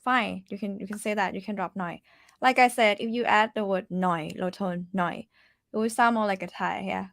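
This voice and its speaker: Woman teaching Thai, patient, slow clear repetition, mid pitch, dry close sound. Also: no echo. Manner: patient, repeats words slowly for learners, laughs often. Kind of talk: casual online language lesson.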